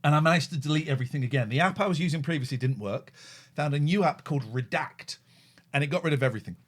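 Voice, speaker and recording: A man hosting a live stream, animated and sweary, easily wound up. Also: on the high side, fast, husky. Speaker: host. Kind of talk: casual live-stream chat.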